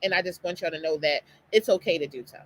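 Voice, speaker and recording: Middle-aged woman, live-stream talk host, fast and emphatic delivery. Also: deep voice, low-quality recording. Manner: animated, emphatic, talks straight to listeners. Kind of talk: casual motivational talk.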